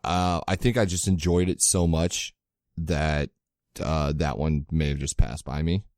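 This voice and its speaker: A low-voiced man chats casually on a podcast, swearing freely and growing animated as he recounts scenes. The sound is dry and close, with no room around it. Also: unhurried, no room sound. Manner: excitable, swears a lot, animated retelling. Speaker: podcast co-host. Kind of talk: casual chat.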